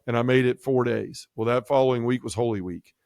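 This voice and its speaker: Fast-talking gravelly man. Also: mid-range voice, darkish tone, no room sound, studio quality. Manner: vivid storyteller, acts out quoted speech. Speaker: guest sharing his testimony. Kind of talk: personal faith testimony storytelling.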